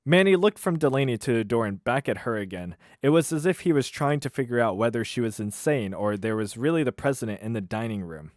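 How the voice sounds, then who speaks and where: A man's voice: medium pitch, lively intonation, fast talker, hardly any pauses, darkish tone, dry recording. A man in a small, dry room reads a book aloud and keeps breaking off with wry, disbelieving asides. His voice sits in the middle range, close to the mic. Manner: incredulous, wry commentary. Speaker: YouTuber reading a book aloud. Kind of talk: comic read-aloud with asides.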